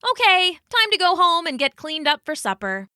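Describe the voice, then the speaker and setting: Kindly storybook mom, gentle and bright, read by a woman. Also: very high voice, big pitch swings, normal speed, no echo, clean studio sound, voice pushed up, heavily acted. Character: kindly human mother.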